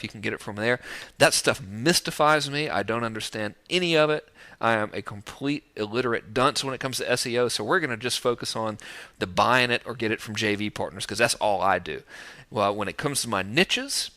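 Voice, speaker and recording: A man talking straight to the camera about marketing, joking and breezy, with a lively pitch that swings a lot. His tone is bright and forward. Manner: joking, breezy and animated, with playful sound effects. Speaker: online marketing teacher. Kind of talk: casual direct-to-camera marketing talk. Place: outdoors overlooking the ocean.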